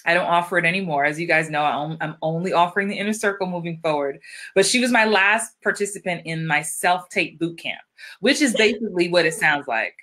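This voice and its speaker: Female host, energetic livestream chatter, bright edge. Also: fairly low pitch, brisk. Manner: upbeat, chatty, greets viewers by name. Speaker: host, acting coach. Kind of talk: live-streamed interview.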